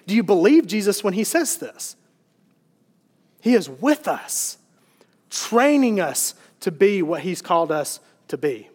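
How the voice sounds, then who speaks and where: A man's voice: high-pitched, lively intonation, normal speed, a little mellow. Earnest preacher man, long hall reverb. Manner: earnest, conversational preaching with fillers. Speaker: pastor. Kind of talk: sermon.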